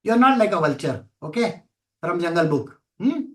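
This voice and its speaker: High-voiced man telling a scripture story. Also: moderate pace. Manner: animated storytelling, acting out voices of people and gods; asks listeners questions. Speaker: spiritual teacher. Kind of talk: scripture talk to a class.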